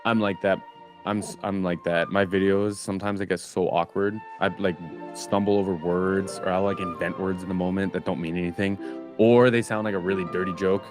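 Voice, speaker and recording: A man's voice: low voice, level tone, fairly quick, over music. A man from Southern Alberta, interviewing in a laid-back, self-deprecating way. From Southern Alberta, Canada. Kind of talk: casual interview chat.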